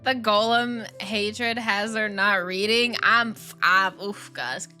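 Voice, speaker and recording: Slow and sharp-toned, this young woman's mid-range voice carries a casual gaming stream where she rants, drops slang, and laughs. Faint music sits in the background.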